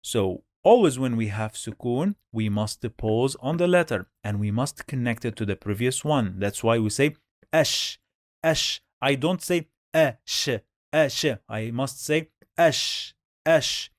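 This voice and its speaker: A man's voice: medium pitch, lively intonation, normal speed, hardly any pauses, a little mellow, no echo, studio quality. A man teaching Quran reading to beginners, patiently sounding out and repeating each syllable. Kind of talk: step-by-step reading lesson.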